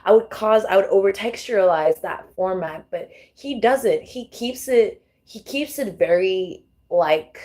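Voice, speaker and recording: A woman's voice: medium pitch, unhurried, few pauses, darkish tone. A young adult woman doing a casual tarot reading vlog, talking straight to her viewers, swearing freely and laughing often. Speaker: tarot reader.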